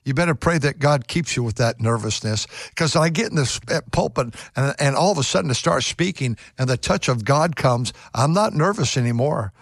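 A man's voice: mid-range voice, animated, moderate pace, creaky, few pauses, no room sound, studio quality. An older man, a pastor giving an earnest radio devotional sermon, often restarting and repeating his words. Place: church pulpit.

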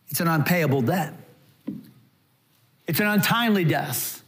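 A man preaching a sermon as pastor, lively and animated, acting out quoted voices along the way. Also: a little high, a little slow, pauses often.

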